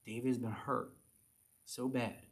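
A man teaching verse by verse from the Bible, reading passages aloud and then explaining them in a relaxed, conversational way. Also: mid-range voice, a little slow, vocal fry, husky. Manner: reads scripture then explains it conversationally, with little chuckles.

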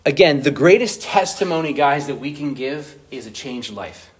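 A man's voice: a little high, animated, normal speed. A man teaching an informal Bible study, conversational and asking his group questions.

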